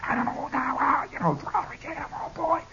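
A man voicing a gossiping young army corporal in hushed, excited whispers, on a dull lo-fi recording. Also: extremely high pitch, normal speed, very noisy, voice pushed up, heavily acted. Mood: whispered gossip.

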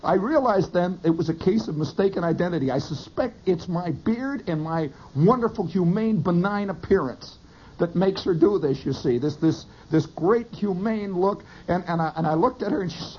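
A man telling a rambling comic story in an animated, digressive way, on a lo-fi recording. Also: high-pitched, moderate pace, slightly rough. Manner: animated, digressive, bursts of laughter.

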